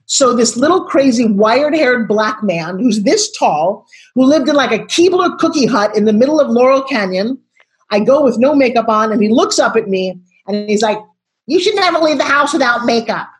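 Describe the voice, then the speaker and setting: A woman in her sixties, a guest on a video call interview, telling her story in an expressive, dramatic way. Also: a little high, normal speed.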